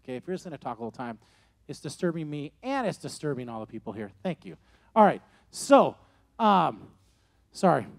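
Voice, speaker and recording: A man in his late forties preaching to young people, telling stories in an animated way and repeating key phrases. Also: fairly high pitch, fairly quick, gravelly. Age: 40s. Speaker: youth pastor. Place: room with a live audience.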